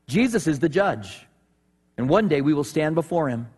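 Male pastor, high voice, animated storytelling sermon, long hall reverb. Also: moderate pace, husky. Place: church sanctuary.

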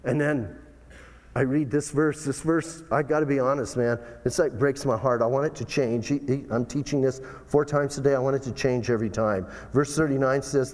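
A man preaching a sermon as pastor, animated, full of rhetorical questions and big swings in tone. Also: mid-range voice, moderate pace, long reverb tail.

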